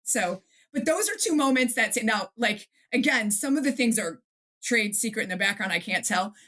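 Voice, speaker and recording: A middle-aged woman from the Detroit area, an author chatting in an interview, lively and quick to act out quotes and laugh. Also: fairly high pitch. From Detroit area, USA. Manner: animated storyteller, acts out quotes, laughs often. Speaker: author and guest. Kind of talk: casual interview chat.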